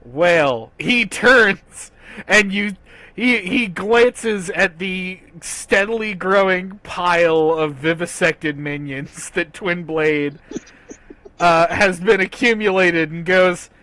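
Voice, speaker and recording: Male game master, unhurried, bright tone, relaxed and chuckly. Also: high-pitched. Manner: easygoing, laughs often, hesitant fillers. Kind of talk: narrating a tabletop game.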